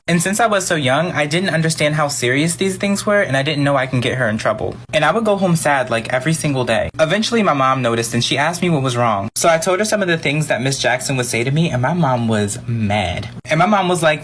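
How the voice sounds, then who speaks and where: A man's voice: on the high side, expressive, quick pace, few pauses, fairly bright tone, a little hiss or hum. A man expressively telling a school storytime, acting out the quotes. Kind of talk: storytime narration.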